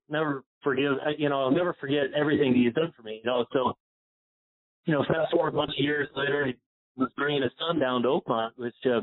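A man from Pennsylvania, a golf instructor telling a long personal story in an interview, rambling with many fillers and getting choked up. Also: mid-range voice. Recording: phone-like line.

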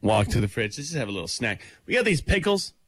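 A man's voice: medium pitch, quick pace. A man co-hosting a morning radio show over a phone line, telling laid-back stories in casual banter. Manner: storytelling, laid-back, animated. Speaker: radio co-host.

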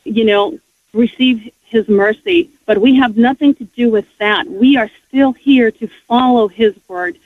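A woman's voice: a little high, no room sound. Earnest woman on a tinny phone line. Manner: earnest, heartfelt, frequent restarts. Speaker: guest sharing faith testimony. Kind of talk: emotional personal testimony.

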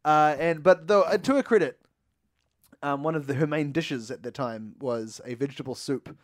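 Higher-voiced New man, playful. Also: expressive, normal speed. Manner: playful, laughing storyteller. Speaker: podcast co-host. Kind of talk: casual chat.

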